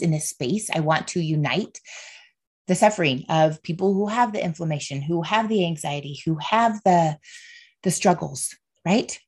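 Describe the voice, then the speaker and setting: A woman's voice: fairly low pitch, darkish tone, husky. A woman in her thirties hosting a casual solo podcast, earnest and heartfelt, speaking openly about faith and feelings and often checking in with "right?" and "okay". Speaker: podcast host.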